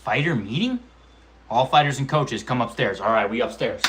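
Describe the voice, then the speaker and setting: Young male vlogger, slangy and animated, mid-pitched voice, casual storytelling. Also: a little fast, background noise. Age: 20s. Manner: animated, slangy, profane storytelling with acted-out quotes and sound effects. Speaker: amateur MMA fighter vlogger.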